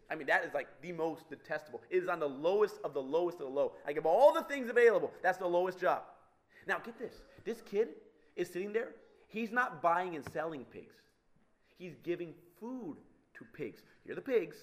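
A man preaching a sermon to a live audience, animated and teasing, swinging between loud and soft. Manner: animated, wide swings in pitch and loudness, teasing the crowd.

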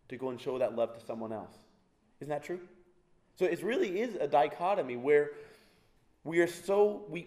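A man's voice: mid-range voice, a little mellow. A male preacher giving a conversational sermon, asking his congregation rhetorical questions, making jokey asides and often restarting his sentences.

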